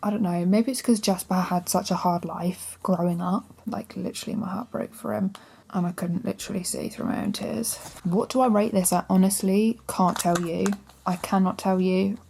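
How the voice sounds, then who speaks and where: A woman's voice: medium pitch, steady tone, a little fast, vocal fry, a little mellow, breathy edge. A woman chatting casually and candidly in a reading vlog, talking straight to her camera. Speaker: book vlogger.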